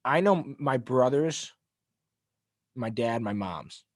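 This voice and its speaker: A man chatting casually on a podcast, rambling from one thought to the next and laughing at his own ideas. His voice sits at a middle pitch and sounds dry and close, with no room echo. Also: expressive, slow pace. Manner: rambling, self-mocking, trails off. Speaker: podcast co-host. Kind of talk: casual chat.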